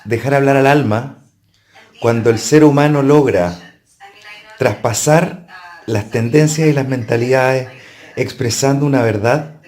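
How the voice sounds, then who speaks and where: A man delivers a slow, reflective voice-over in a calm, measured way. His voice sits in an ordinary middle range. The tone is earnest throughout. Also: medium pitch.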